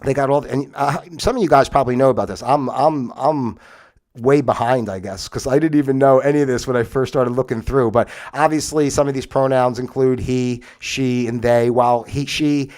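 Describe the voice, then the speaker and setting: A man's voice: medium pitch, fairly even intonation, fairly quick, darkish tone. A man hosting a livestream, reading aloud from a web page and rambling in casual, incredulous asides. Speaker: livestream host. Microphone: webcam setup, moves on and off camera.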